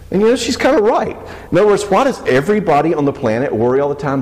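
A man's voice: high-pitched, animated, quick pace, hardly any pauses, a little mellow. A man giving a church teaching talk on marriage, joking and asking the audience questions. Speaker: speaker on faith and marriage. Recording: long hall reverb.

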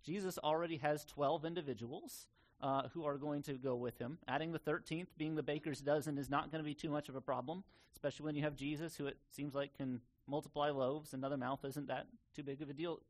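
A man preaching a sermon in an earnest, conversational way, sometimes pausing on fillers. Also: on the high side, steady tone. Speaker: pastor.

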